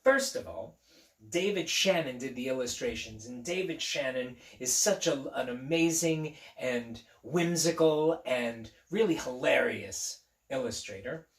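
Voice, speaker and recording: Upbeat, silly male teacher for a kids' read-aloud; slow, gravelly delivery, phone mic in an echoey room. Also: medium pitch. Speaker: teacher reading aloud to children. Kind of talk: playful read-aloud and chat to young kids. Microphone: phone propped on a table.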